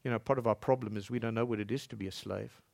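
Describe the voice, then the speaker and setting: A man preaching a sermon as pastor in a church, swinging between loud emphatic lines and soft low passages. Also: steady tone, rapid-fire, creaky, no room sound.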